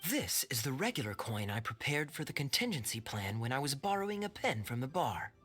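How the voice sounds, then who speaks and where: An actor voicing a sly, suave young knight in a video game, with a smooth, playful, teasing manner. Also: male voice, medium pitch, big pitch swings, fairly quick, a bit bright, faint music behind.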